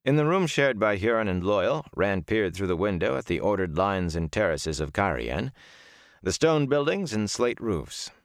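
A man narrating an audiobook chapter in an expressive storytelling manner. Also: lowish voice, normal speed, no echo, studio quality. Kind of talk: scripted narration.

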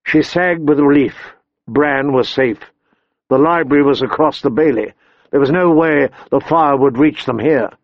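A man's voice: fairly high pitch, no room sound. Male audiobook narrator, dry and close. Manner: measured, expressive storytelling. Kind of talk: scripted narration. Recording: dull dry recording.

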